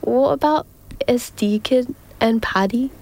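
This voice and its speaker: A woman's voice: a little high, measured pace, darkish tone. A young woman hosting a casual radio show, chatty and rambling, often giggling and filling gaps with ums. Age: young adult. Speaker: community radio host. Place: radio studio.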